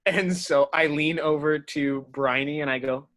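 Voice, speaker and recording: A woman's voice: sits low, fairly even intonation, unhurried. A woman playing a tabletop game, chatting in a playful, giggly way. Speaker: player. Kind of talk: casual tabletop game play.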